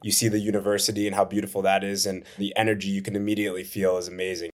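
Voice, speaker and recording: A man's voice: low voice, little pitch movement, racing. A man, a footballer answering interview questions in an earnest, reflective way. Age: 20s. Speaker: professional footballer, guest.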